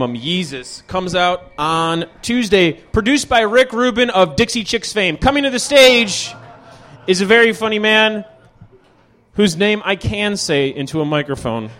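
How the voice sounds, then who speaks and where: A man emceeing a comedy night with a high, bright-toned voice. He banters and teases before calling up the next comic. His crowd work stays loose and playful. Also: moderate pace. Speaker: comedy show host.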